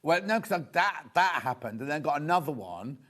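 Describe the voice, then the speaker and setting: Lively, chatty man selling fabric. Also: on the high side, normal speed. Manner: chatty, rambling, gossipy asides. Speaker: shopping channel presenter. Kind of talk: live TV selling chat. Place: TV studio.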